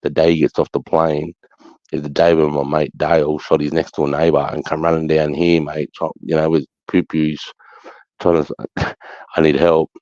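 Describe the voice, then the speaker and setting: A man's voice: very deep voice, little pitch movement, moderate pace, a little mellow, dry recording. A middle-aged Australian man telling stories in casual chat, blunt and sweary. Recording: dull lo-fi sound.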